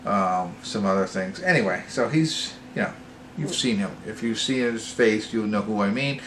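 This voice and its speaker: Slight background noise sits under a man's low-leaning voice at normal speed. He's the host of a casual movie review channel, rambling through his thoughts, fixing his own wording and getting more and more worked up.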